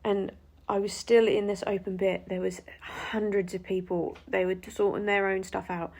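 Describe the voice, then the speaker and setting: Gravelly woman telling an indignant story. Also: mid-range voice, level tone, normal speed, darkish tone. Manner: indignant, swears freely, acts out quotes. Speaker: vlogger. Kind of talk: casual storytelling to camera.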